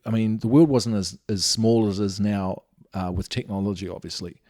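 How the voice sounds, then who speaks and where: A man's voice: fairly low pitch, steady tone, brisk, mellow, no echo, studio quality. A man hosting a casual interview, chatty, laughing often and calling his guest mate. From New Zealand. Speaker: podcast host.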